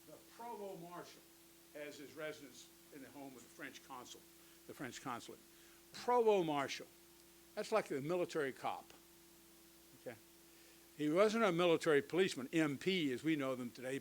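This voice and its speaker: An older man giving a conversational history lecture to teachers, with lively asides and touches of humor. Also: fairly high pitch, slight background noise, poor audio. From United States.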